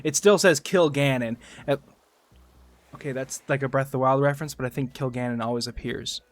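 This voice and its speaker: A man's voice: medium pitch, fairly even intonation, fairly quick. A man chatting casually on a gaming livestream, rambling, joking and swearing. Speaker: streamer.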